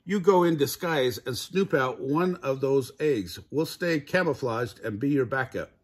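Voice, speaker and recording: An older man voicing a bossy female cow giving orders in a storybook, with a husky voice. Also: mid-range voice, lively intonation, unhurried. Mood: urgent. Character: bossy female farm cow, mission leader.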